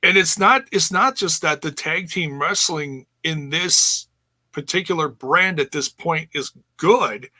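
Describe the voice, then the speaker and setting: Bright-voiced laid-back podcast co-host. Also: male voice, a little high, a little slow. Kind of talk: casual wrestling review chat.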